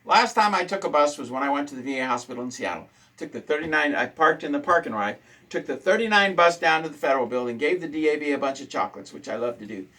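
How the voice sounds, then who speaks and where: A man's voice: on the high side, expressive, fast, bright, forceful tone, low-quality recording. A man hosting a casual talk show, ranting indignantly and repeating his points for emphasis. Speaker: host.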